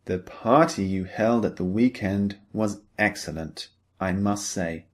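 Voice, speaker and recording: A man teaching English in a recorded lecture, explaining slowly and patiently, step by step. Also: lowish voice.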